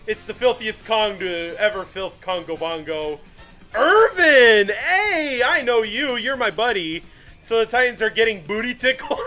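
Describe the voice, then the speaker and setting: A young man with a high-pitched voice streams live fan commentary on a football game. Excitable and self-mocking, he rants at his team and greets his chat.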